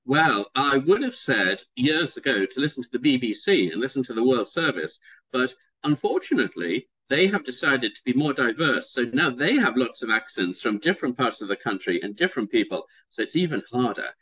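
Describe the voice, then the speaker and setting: A middle-aged man from the north of England with a softened northern English accent, patiently explaining pronunciation in a conversation practice chat. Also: medium pitch, sing-song, brisk, husky, dull audio. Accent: northern English softened toward standard British. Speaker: guest native speaker.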